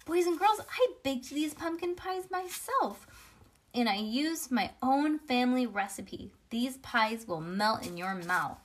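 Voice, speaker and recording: A woman's voice: sits high, animated, a little slow, pitched above the performer's own voice. A woman voicing a cheerful lunch lady who proudly shows off her homemade pies, in a raised, sing-song read-aloud voice. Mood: cheery.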